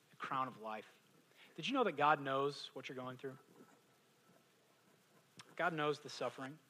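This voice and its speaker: Male pastor, 30s, bright, slightly high voice, animated sermon delivery, loud questions and hushed asides. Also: rough recording. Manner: animated, swings from loud emphatic questions to hushed quiet lines.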